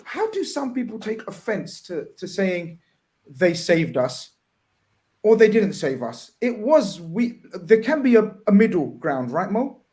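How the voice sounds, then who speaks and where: A man hosting a casual football fan chat, talking in halting restarts and asking leading questions. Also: sits high, sing-song, warm tone. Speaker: host.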